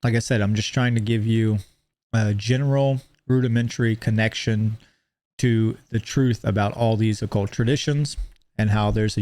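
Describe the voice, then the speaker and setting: A man lecturing in a measured, explanatory way, reading out principles and then commenting on them. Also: lowish voice, mellow. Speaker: teacher. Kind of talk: lecture on esoteric teachings.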